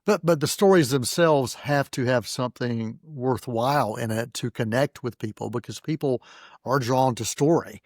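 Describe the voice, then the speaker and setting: A man hosting an interview, asking measured, thoughtful questions. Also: medium pitch, dry recording, studio quality. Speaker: podcast host. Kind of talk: interview conversation.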